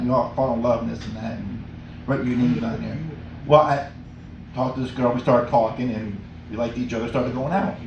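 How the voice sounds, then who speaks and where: A man's voice: mid-range voice, a little hiss or hum. Rambling man doing stand-up in an echoey cafe. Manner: rambling, laughs at his own jokes. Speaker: stand-up comedian. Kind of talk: stand-up comedy set. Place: small cafe stage with live audience. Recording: echoey room, mic from far off.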